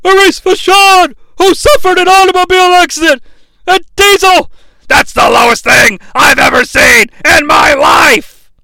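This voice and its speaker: A man's voice: very high voice, unhurried, creaky, sharp tone, no echo, raised voice, voice pushed up, full character voice. A man imitating a frantic, shocked male wrestling announcer who shrieks and sputters in outrage.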